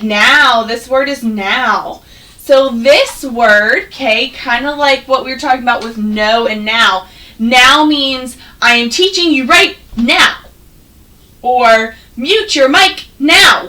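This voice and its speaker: A woman teaching first graders an online phonics lesson, patient and encouraging, sounding words out slowly. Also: on the high side, lively intonation, pushed and bright, far from the mic, low-quality recording.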